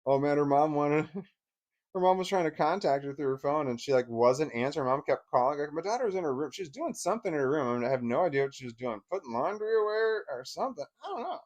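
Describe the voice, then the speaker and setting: A man's voice: fairly high pitch, lively intonation, quick pace, a little mellow. A man casually telling a long story about his daughter and ex-wife, rambling with frequent restarts, laughter and swearing. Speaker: divorced father telling a story.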